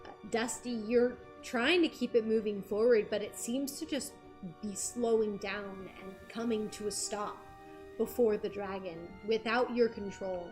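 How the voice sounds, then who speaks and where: A woman narrating a tabletop game as game master, slow and descriptive with many fillers. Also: mid-range voice, a little mellow, soft background music.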